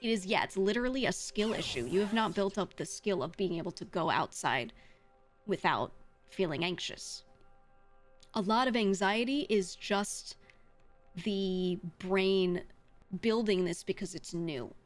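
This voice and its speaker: A woman's voice: medium pitch, expressive, a little slow, soft background music. A woman streamer chatting casually with her chat, giving blunt, frank advice with some swearing. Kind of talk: casual livestream chat, answering chat.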